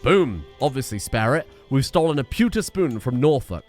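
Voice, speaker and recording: A man's voice: mid-range voice, big pitch swings, normal speed, soft background music. A man giving casual commentary while playing a strategy game, rambling with wry, self-deprecating asides. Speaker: video game streamer. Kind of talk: casual let's-play commentary.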